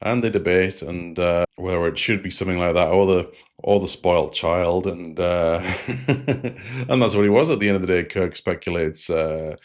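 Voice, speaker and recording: A man with a deep, low voice walks through an episode's story in casual recap style. He talks in a chatty way, often stumbling and restarting his phrases with small fillers. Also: normal speed. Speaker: podcast host reviewing an episode.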